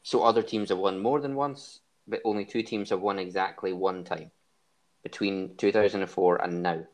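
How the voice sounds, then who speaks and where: A man's voice: deep voice, fairly even intonation, moderate pace. A man hosting a casual podcast, teasing his co-hosts and running a quiz. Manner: teasing, laughing often. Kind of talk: casual banter.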